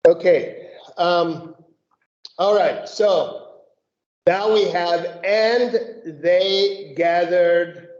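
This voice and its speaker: A woman leading a group Bible study, explaining slowly and methodically and often checking in with "okay?". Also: lowish voice, darkish tone. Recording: echoey room, dull lo-fi sound.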